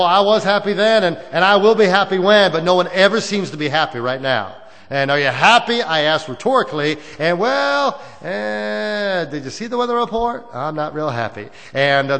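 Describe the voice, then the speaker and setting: A man's voice: on the high side, fairly bright tone. A man preaching a sermon to a church congregation, in a folksy, rambling way that circles back on its phrases. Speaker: Baptist preacher. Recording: long reverb of a church hall.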